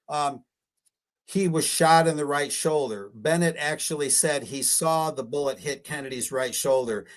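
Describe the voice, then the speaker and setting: A man talking as a guest researcher on a live-streamed radio interview, rambling and hesitant, correcting himself often with fillers. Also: on the high side.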